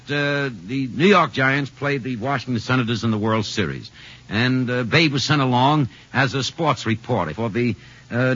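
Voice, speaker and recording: In a dull, lo-fi old radio recording, a middle-aged former ballplayer turned sportscaster reminisces in an interview, telling anecdotes in a folksy way. He uses many "uh" fillers and acts out quoted voices. His mid-range voice is bright, forceful, and husky.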